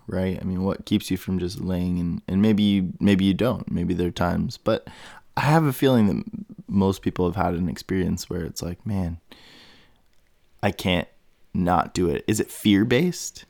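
Deep gravelly guy rambling thru his thoughts on his podcast, dry close mic. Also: normal speed, warm tone, no room sound. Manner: musing, meandering, full of fillers and restarts. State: has the hiccups. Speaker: podcast host. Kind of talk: rambling solo podcast monologue.

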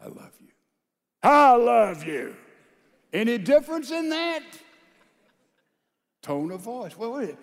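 A male pastor preaching a sermon to a large church congregation, calling out to the crowd and swinging between loud and soft. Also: sits high, in a large hall. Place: large church sanctuary with a balcony.

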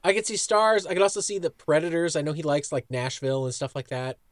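A man co-hosting a podcast, giving blunt, opinionated takes and swearing freely. His voice sits a little high and sounds dry and close to the mic. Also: lively intonation, fast talker, dry recording. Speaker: podcast co-host. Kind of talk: casual podcast chat.

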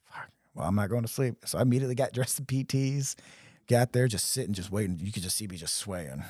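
A man's voice: lowish voice, fast, darkish tone, slightly rough, dry recording, studio quality. A young man telling stories in casual podcast chat, acting out quotes in different voices. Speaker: podcast co-host.

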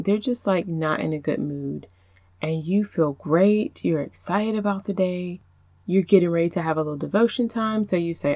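Encouraging mom podcaster, lowish voice. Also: female voice, no room sound. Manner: warm encouraging, faith-based, speaks straight to listener. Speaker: podcast host and productivity coach. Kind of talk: casual podcast talk.

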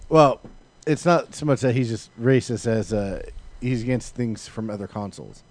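Casting note: male podcast co-host, lowish voice, sarcastic teasing banter. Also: normal speed, darkish tone. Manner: sarcastic, teasing, ranting jokes. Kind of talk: casual chat.

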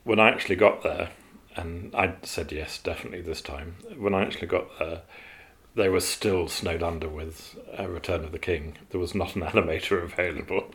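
A man's voice: deep voice, fairly even intonation, fairly quick, fairly bright tone. A man, an animator, telling long stories about his work in an interview, with many fillers and restarts. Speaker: animator guest. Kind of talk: interview storytelling.

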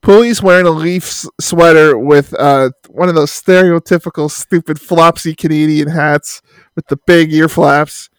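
A man's voice: fairly high pitch, steady tone, normal speed, smooth, no echo. A man co-hosting a podcast, rambling in a casual chat and swearing.

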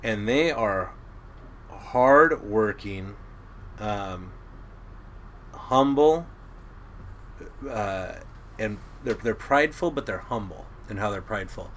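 Middle-aged man, boat captain type, gruff and animated storyteller, forceful tone. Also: lowish voice, slow, long pauses, slight background noise. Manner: gruff, animated storyteller who laughs at his own tales. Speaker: crab boat captain, guest. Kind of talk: casual storytelling.

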